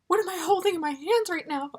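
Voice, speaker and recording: A woman vlogger chatting casually through a beauty box unboxing, gushing and excitable with frequent gasps. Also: very high voice. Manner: gushing and excitable, gasping often.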